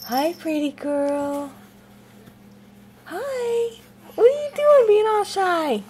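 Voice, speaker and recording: A woman's voice: extremely high pitch, lively intonation, extremely slow, noisy background. A woman talking baby talk to an infant at home in a cooing, sing-song voice. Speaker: parent filming an infant.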